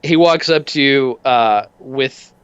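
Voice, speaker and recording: A man runs a tabletop game, describing actions in a casual, loose way. His voice is bright and forceful. The recording is dry and close. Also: medium pitch, takes it slowly, smooth, no room sound, lo-fi sound. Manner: casual, loose, with restarts and fillers. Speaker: game master.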